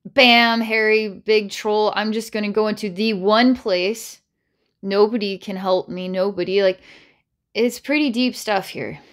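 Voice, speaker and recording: A woman in the middle of a psychic reading, her voice at an ordinary middle pitch. She talks in looping, repetitive phrases with frequent restarts and bursts of laughter. She shifts between dramatic challenges and gentle coaxing. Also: fairly even intonation, measured pace. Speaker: psychic reader. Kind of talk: channelled psychic reading to camera.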